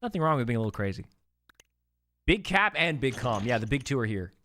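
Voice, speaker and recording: A man's voice: medium pitch, sing-song, a little fast, sharp tone. A young man streaming a game, casually chatting and joking with his chat as he plays.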